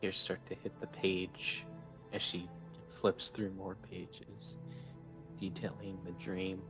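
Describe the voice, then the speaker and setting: A man narrating his character's actions in a tabletop game, halting, with hesitations. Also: deep voice, level tone, music in the background. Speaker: player.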